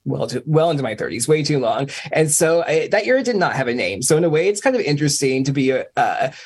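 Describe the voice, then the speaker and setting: A man's voice: on the high side, sing-song, fast talker, husky. A man in his forties, a guest DJ on a podcast, talking in a rambling, hedging way with wry jokes. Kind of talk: casual podcast chat.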